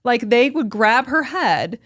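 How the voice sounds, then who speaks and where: A woman's voice: on the high side, slow pace, no room sound, clean studio sound. A young adult woman hosting a podcast, telling a personal story in casual talk full of fillers and quotes. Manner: animated storytelling with many fillers. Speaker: podcast host. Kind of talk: casual conversation.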